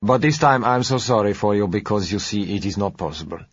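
A smooth, courteous foreign dealer in oil, as a male reader puts him on, speaking gently and without hurry. The voice sits very low and a little husky, on a dull, dry recording. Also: lively intonation, fast talker, no echo. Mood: suave.

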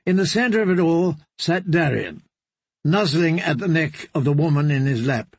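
A male audiobook narrator reads scripted material in a steady storytelling style at a moderate pace. His voice is husky and slightly high. The recording is dry and close-miked.

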